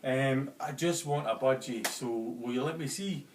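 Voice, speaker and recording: A man's voice: mid-range voice, a little slow, a little hiss or hum, natural voice. A man voicing a heartbroken, lonely customer in a joke, talking in a broad, chatty way; a roomy, distant home video. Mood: pleading.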